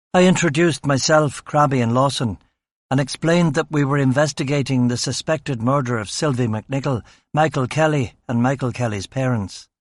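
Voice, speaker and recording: A man's voice: medium pitch, dry recording. A man narrating a crime novel in first person, with a dry, sardonic delivery. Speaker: audiobook narrator.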